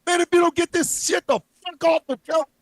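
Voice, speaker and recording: A man's voice: extremely high pitch, fairly even intonation, a little fast, no room sound. A man co-hosting a livestream, ranting angrily and profanely with lots of repetition. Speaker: co-host. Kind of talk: heated livestream rant.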